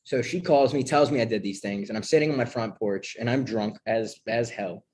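Animated young man telling a raw story. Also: medium pitch, brisk, a little hiss or hum. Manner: animated, profane, peppers lines with "right?". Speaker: person in recovery sharing his story. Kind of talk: candid storytelling.

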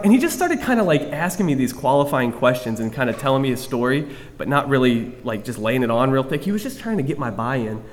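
A man's voice: medium pitch, expressive, quick pace, hardly any pauses. A man sharing his recovery story candidly with a group, self-mocking and rambling, full of restarts. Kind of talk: candid personal testimony to a group. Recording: long reverb of a hall.

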